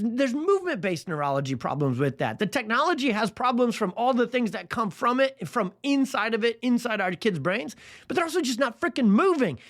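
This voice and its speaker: A man's voice: high-pitched, no room sound, clean studio sound. A man hosting a podcast, talking alone about a health topic in an emphatic, casual way and stacking repeated phrases for emphasis. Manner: casual, folksy slang. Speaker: podcast host. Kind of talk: solo podcast monologue explaining a health topic. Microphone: podcast microphone.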